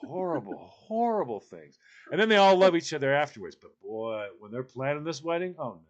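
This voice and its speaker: A man co-hosting a comedic chat, telling animated stories with stammers and acted-out voices. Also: a little high, a little fast, muffled recording. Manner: animated storytelling, stammers and acts out people. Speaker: co-host.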